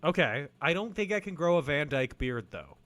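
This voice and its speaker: Male podcast co-host, young, jokey film recap, animated delivery, bright tone. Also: fairly high pitch, moderate pace. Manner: playful, jokey, breaks into silly voices. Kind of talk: casual chat recapping a film.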